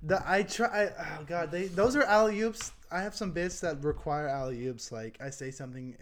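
A man's voice: on the high side, normal speed. Raised-voice man, crude comic chat. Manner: crude, laughing, storytelling. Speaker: podcast host. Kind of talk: casual comedy podcast chat.

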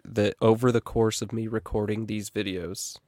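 A man's voice: on the low side, little pitch movement, normal speed, dark tone, no echo, clean studio sound. A man from South Dakota hosting a casual chat show over a video call, joking with his guests. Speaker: host.

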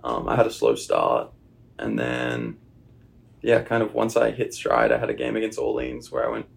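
A young Australian man talking loosely into a podcast mic, his voice heavy with gravelly fry and a husky edge. His pitch swings widely as he rambles through answers with lots of fillers. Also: normal speed. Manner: relaxed, rambling with many fillers. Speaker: guest, baseball player. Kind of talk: casual interview chat. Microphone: podcast microphone.

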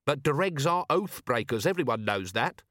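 A man's voice: medium pitch, expressive, moderate pace, a bit bright, no echo, clean studio sound, voice pushed up, natural voice. A man voicing a tough, weary male watch commander with a blunt, pressing manner.

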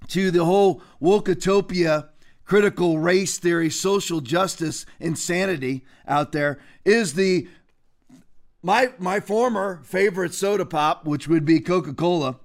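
A man hosting a political commentary show, ranting in a combative, mocking way with many restarts and sudden bursts of loudness. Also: high-pitched, a little slow, creaky.

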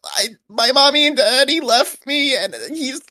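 A woman voicing a scared eleven-year-old girl who pleads through tears in a high, childish voice. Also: measured pace, pushed and bright, dry recording. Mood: tearful pleading. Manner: whiny, sobbing pleas.

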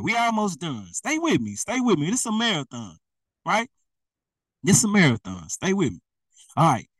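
Young preacher guy, high bright voice, chatty and laughing, sounds a bit far off. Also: no room sound. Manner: lively, conversational, laughs often. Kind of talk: sermon.

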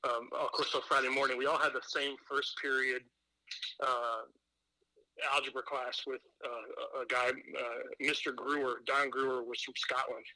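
A man's voice: medium pitch, level tone, normal speed, bright, forceful tone, no echo, poor audio. A man chatting as a podcast guest, telling rambling stories full of fillers and restarts. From Indiana. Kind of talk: casual chat.

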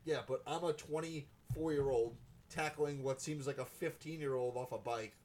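A man's voice: a little high, moderate pace, darkish tone, slight background noise. A man hosting a podcast, telling stories in a casual, profane, joking way. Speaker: podcast host. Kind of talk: casual chat. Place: podcast studio.

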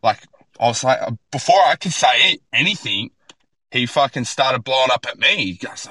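A man's voice: mid-range voice, normal speed, slightly rough, dry recording, poor audio. A young Australian man, a podcast guest, telling stories bluntly with plenty of swearing. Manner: blunt, profane, animated storytelling. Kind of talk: casual podcast chat.

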